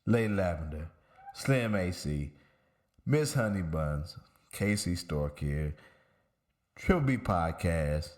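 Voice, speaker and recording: A man with a fairly low voice hosts a casual podcast among friends. He tells stories in a loose, rambling way, swears freely and restarts his sentences as he goes. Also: lively intonation, slow, pauses often, a little mellow. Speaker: podcast host. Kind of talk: casual chat.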